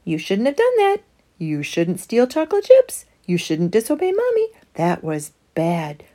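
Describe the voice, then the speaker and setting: A woman voicing a stern inner voice of conscience in a storybook reading, loud and urgently scolding. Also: sits low, flat delivery, measured pace.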